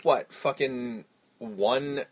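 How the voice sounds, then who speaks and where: A man's voice: mid-range voice, extremely slow. A man from Canada co-hosting a casual wrestling podcast, rambling and swearing emphatically. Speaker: podcast co-host.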